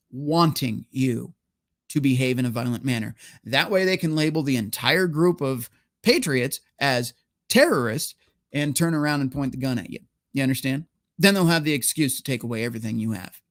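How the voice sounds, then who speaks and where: A man hosts a solo livestream, ranting in a heated, profane, emphatic way and reading viewer chats. His mid-range voice is a bit bright, with clean studio sound and no room echo.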